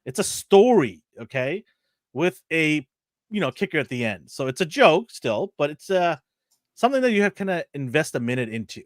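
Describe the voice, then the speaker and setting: Male podcast host, jokey and upbeat, animated delivery. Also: on the high side, moderate pace, dry recording, studio quality. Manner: energetic and jokey, whoops and laughs. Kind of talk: casual podcast chat.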